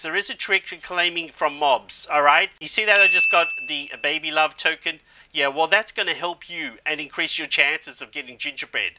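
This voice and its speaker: An energetic man narrating a game walkthrough with a high-pitched voice. His tone is very bright and sharp, and he keeps addressing his viewers with bursts of hype. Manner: energetic, says "guys" constantly, punchy exclamations like "boom". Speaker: gaming channel host. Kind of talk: excited game walkthrough commentary.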